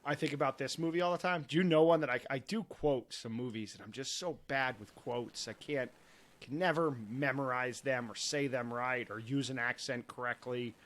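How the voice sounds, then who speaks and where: A man's voice: mid-range voice, normal speed, fairly bright tone. A man co-hosting a podcast in casual chat, asking questions and trying out quotes. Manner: asks questions, tries quotes. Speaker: podcast co-host.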